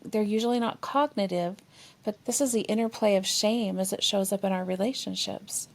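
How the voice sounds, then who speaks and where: Woman, therapist, podcast discussion, expressive, acts out inner dialogue. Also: medium pitch, moderate pace, creaky. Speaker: therapist co-host.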